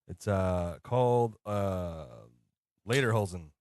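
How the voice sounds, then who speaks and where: A man's voice: mid-range voice, expressive, fairly quick, no room sound, clean studio sound. A man co-hosting a casual beer-tasting podcast, rambling and filling his talk with "uh" and "like". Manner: rambling, full of fillers. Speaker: podcast co-host.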